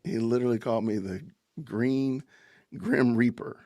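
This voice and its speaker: A man's voice: medium pitch, normal speed, vocal fry, darkish tone, dry recording, clean studio sound. A middle-aged man, hosting a casual podcast livestream from home, chatty and laughing often as he talks to his viewers. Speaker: podcast host. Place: home, family heard in the kitchen.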